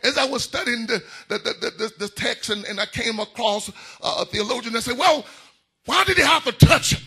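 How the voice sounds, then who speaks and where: A high, piercing male voice carries this church sermon. His tone is husky and forceful, and it swells into hollered, half-sung preaching. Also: a little fast. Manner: whooping call-and-response preaching, rising into shouts.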